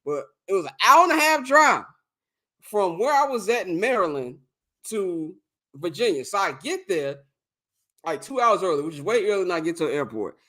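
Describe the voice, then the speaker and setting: A young adult man co-hosting a podcast, telling a long story in a casual, animated and profane way, often laughing. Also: sits high, moderate pace. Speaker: podcast co-host.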